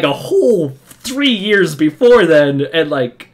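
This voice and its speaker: A young man from Utah hosting a casual podcast, telling excited fan stories with quick asides and laughs. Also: high-pitched. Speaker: podcast host. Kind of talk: casual chat.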